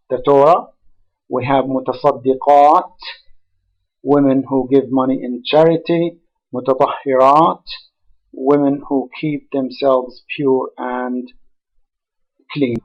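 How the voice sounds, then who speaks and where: A man giving a conference talk as a university lecturer, speaking slowly and carefully with pauses and fillers. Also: medium pitch, level tone, muffled recording. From Jordan. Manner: slow, careful, pausing with fillers.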